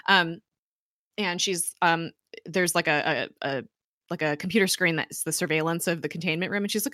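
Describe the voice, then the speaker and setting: A woman co-hosting a casual chat, retelling a TV episode in a chatty way, full of fillers and quick laughs. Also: on the low side, steady tone, a bit bright, dry recording, clean studio sound. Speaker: podcast co-host.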